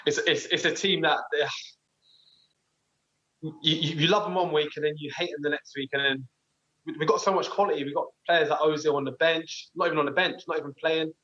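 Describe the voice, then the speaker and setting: A man in his twenties, a footballer, answering interview questions in a relaxed, modest, hesitant way. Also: fairly high pitch, a little fast, highs cut off. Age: 20s. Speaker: professional footballer.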